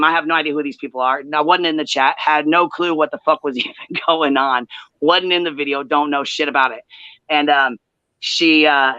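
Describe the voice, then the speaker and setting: A woman hosting a livestream, telling a heated story in profane, animated detail and acting out quoted chats. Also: sits low, dry recording. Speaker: livestream host. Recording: dull lo-fi livestream audio.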